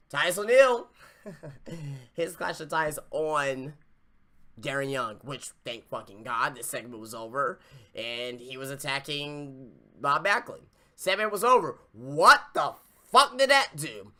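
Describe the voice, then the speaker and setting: Male podcast host, ranting review, cursing freely, bright voice, lively pitch swings. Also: slow pace. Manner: profane, exasperated ranting. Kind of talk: casual wrestling review rant.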